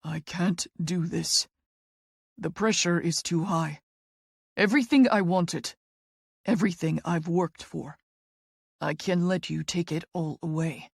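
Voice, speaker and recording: A woman's voice: lowish voice, slow pace, no room sound, studio quality. A woman voicing a brooding, guarded male professional hockey player in an audiobook, with curt, clipped refusals. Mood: broken. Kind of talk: audiobook character voice.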